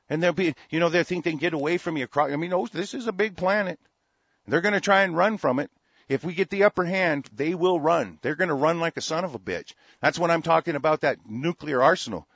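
A man's voice: a little high, fast talker, a bit bright, breathy edge, dry recording, lo-fi sound. An older man hosting a talk radio show, ranting angrily and cursing often, with frequent restarts. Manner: profane, heated, with frequent restarts. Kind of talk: angry political rant.

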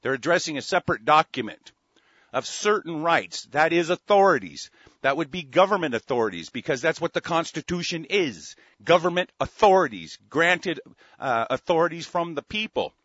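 A man's voice: a little high, big pitch swings, moderate pace, a bit bright, no room sound. A man hosting a talk radio show, ranting furiously with heavy swearing and many stumbling restarts. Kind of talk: angry call-in radio rant. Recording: dry, dull lo-fi studio sound.

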